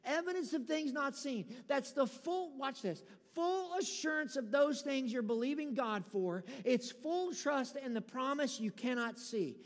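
A male pastor preaches with a very high voice, folksy and emphatic, building his points until he is shouting. His voice rings out with a long reverb through a large hall. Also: expressive, measured pace, few pauses. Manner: folksy storytelling with humor. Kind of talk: sermon.

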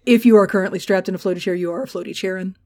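A woman's voice: mid-range voice, fairly even intonation, rapid-fire, warm tone. A woman co-hosting a podcast, recapping a movie in casual chat, joking and swearing freely. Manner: profane, joking, acts out characters in retelling. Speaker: podcast co-host.

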